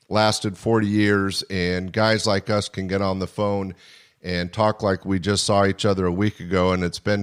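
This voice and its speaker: A middle-aged male podcast host chatting in a friendly, halting way, full of fillers. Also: sits low, smooth. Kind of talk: casual interview chat.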